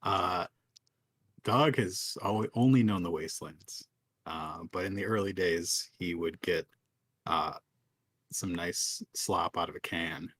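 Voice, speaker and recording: A man's voice: low-pitched, slow pace, fairly bright tone, breathy edge, dry recording. A man playing a tabletop game, describing his character's actions hesitantly with many fillers. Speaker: player. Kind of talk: casual tabletop game chat.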